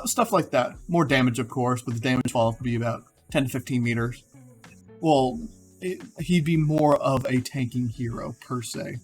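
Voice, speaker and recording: A young man casually rambling through game hero concepts, with many fillers and self-corrections. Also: medium pitch. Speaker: gaming video creator.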